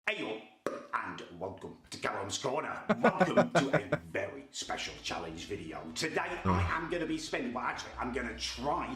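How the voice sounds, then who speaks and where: A man's voice: mid-range voice, big pitch swings, normal speed, a bit bright, breathy edge. A young man ranting in a comic vlog monologue, stumbling over repeated words. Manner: ranting, stammering repetitions. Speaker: comedy video creator.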